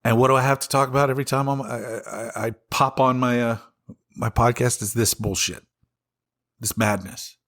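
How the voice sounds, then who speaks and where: A man's voice: mid-range voice, fairly even intonation, normal speed, a bit bright. A man with a Southern US accent hosting his own podcast, ranting angrily and profanely about politics in a solo commentary. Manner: angry, profane, exasperated ranting. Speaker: podcast host.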